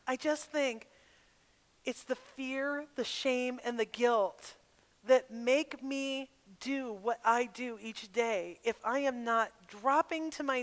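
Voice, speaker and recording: A woman's voice: a little high, fairly bright tone. A middle-aged woman speaking at a women's retreat, telling a personal testimony with candid emotion and putting direct questions to her listeners. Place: camp meeting hall. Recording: live hall with long reverb.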